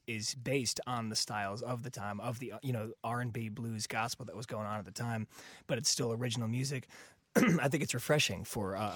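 A man's voice: lowish voice, a bit bright, dry recording. A man, a musical theater actor, speaking earnestly in a radio interview with some fillers and restarts.

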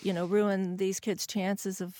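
A woman's voice: mid-range voice, flat delivery, a little slow, dark tone. A woman guest on a radio talk show, an author and educator explaining her views earnestly.

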